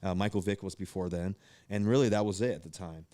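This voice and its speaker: Guy in his 30s telling stories on a podcast, lowish voice, dry close sound, lots of restarts. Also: quick pace, dry recording. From Virginia, USA. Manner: animated, acts out quoted voices, many fillers and restarts. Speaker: guest, pro football quarterback. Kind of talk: storytelling in casual podcast chat.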